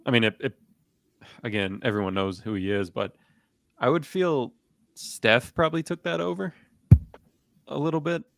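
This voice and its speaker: A man co-hosting a sports podcast, rambling in a relaxed way with lots of fillers and restarts. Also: mid-range voice, normal speed, vocal fry, long pauses, no room sound. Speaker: podcast co-host. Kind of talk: casual sports chat.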